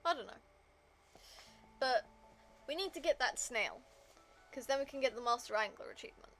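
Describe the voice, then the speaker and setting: A woman's voice: high-pitched, expressive, normal speed, fairly bright tone, soft background music. A woman game streamer chatting casually to her viewers, rambling with lots of fillers.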